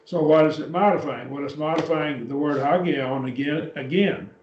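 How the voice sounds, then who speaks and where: A man's voice: fairly high pitch, moderate pace, a little mellow. A man teaching a Bible class, explaining step by step and often checking with "okay?". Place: church classroom. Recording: echoey, distant, dull classroom recording.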